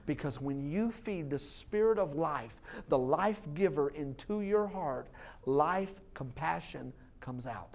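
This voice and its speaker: A man preaching a sermon as lead pastor, animated and joking, acting out little voices and laughing along. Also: on the high side, slow pace.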